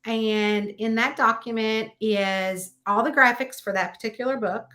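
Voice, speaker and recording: A woman author chatting in an interview, telling stories in an animated way with plenty of fillers like "um" and "you know.". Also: on the high side, measured pace. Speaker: guest author. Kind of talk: casual interview chat.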